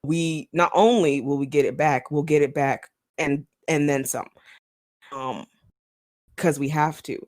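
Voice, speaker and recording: A woman with a low voice co-hosts a podcast in easygoing chat. She is chatty and laughs often, with plenty of ums and likes. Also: unhurried, a little mellow. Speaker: podcast co-host. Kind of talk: casual chat.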